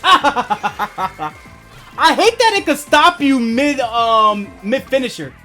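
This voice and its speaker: A man's voice: extremely high pitch, expressive, extremely slow, sharp tone, faint music behind. A young man streaming a video game, chatting casually in a rambling, profane way and laughing often. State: asthmatic. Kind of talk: casual gaming stream chat.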